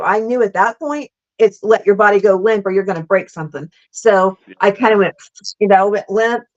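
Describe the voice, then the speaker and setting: A middle-aged woman guest telling stunt stories in a lively, laughing, casual way, full of "like" and "super freaking cool.". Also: mid-range voice. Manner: animated, laughing, fast bursts, says "like" and "super freaking cool" a lot. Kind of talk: casual storytelling interview. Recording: slightly dull lo-fi sound.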